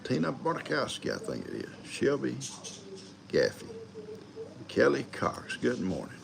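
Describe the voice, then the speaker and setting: A man's voice: mid-range voice, huge pitch swings, measured pace, gravelly, crowd noise. An older man hosting a live stream, rambling in a folksy way and greeting viewers one by one. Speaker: livestream host. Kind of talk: casual live chat.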